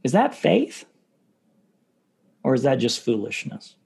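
A man's voice: medium pitch, wildly swooping pitch, takes it slowly, gravelly, a little mellow, breathy edge. A man preaching a sermon as pastor, earnest and repeating key phrases to stress them. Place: church.

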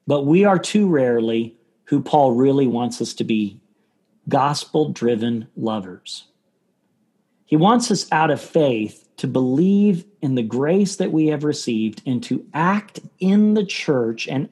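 A man's voice: medium pitch, darkish tone, breathy edge. A man preaching a sermon as pastor, earnest and repeating key phrases to stress them. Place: church.

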